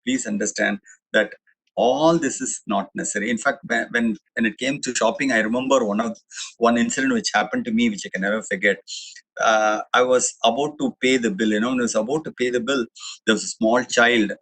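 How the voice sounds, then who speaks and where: Husky-voiced Indian English doctor. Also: male voice, mid-range voice, steady tone, a little fast, a bit bright, poor audio. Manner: chatty and digressive, with frequent restarts and fillers. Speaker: doctor giving a webinar talk. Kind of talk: anecdotal public talk.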